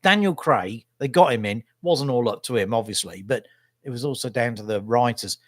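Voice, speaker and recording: A middle-aged man rambles through a casual vlog, free with his opinions and forever checking in with "right?". His voice sits in an ordinary middle pitch, and it is recorded close and dry, with no room sound around it. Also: normal speed, a bit bright, dry recording. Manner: opinionated, chatty, keeps tagging "right?". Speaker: vlogger and local newspaper photographer.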